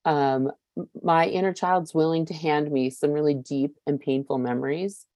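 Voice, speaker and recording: A woman's voice: low voice, a little mellow, no room sound. A woman in her fifties giving a personal recovery share, candid and searching, with many fillers and casual swearing. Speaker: recovery meeting speaker.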